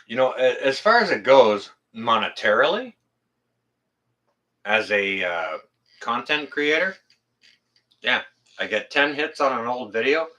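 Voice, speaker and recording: A man's voice: mid-range voice, very animated, unhurried, long pauses, bright, forceful tone, dull audio. A man hosting his own channel, chatting casually with viewers on a livestream, blunt and plain-spoken and swearing freely, rambling and correcting himself as he goes. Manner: rambling, self-correcting delivery. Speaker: YouTube channel host. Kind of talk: casual livestream chat reading viewer comments.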